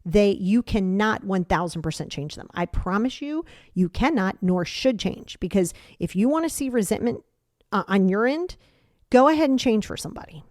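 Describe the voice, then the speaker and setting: A woman's voice: medium pitch, lively intonation, normal speed, a little mellow, no room sound, clean studio sound. Blunt middle-aged woman giving tough-love advice. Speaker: podcast host and emotional coach. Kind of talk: solo podcast monologue.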